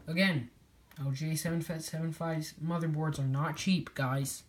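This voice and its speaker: A woman's voice: low-pitched, fairly even intonation, moderate pace. A woman casually talking viewers through building a computer, chatty and a little slurred. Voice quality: slurred speech. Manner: chatty, addresses viewers as guys. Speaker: PC builder vlogger.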